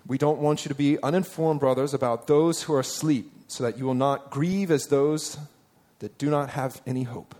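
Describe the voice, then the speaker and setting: A man's voice: mid-range voice, fairly even intonation, normal speed, darkish tone. A man preaching a sermon in a conversational way, putting rhetorical questions to his listeners and reading scripture aloud with emphasis.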